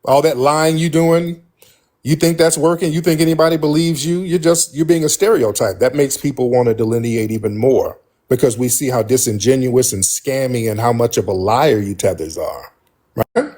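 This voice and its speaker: A man's voice: medium pitch, normal speed, darkish tone. A man hosting a livestream call-in debate, combative and repeating pointed questions at a caller. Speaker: livestream host.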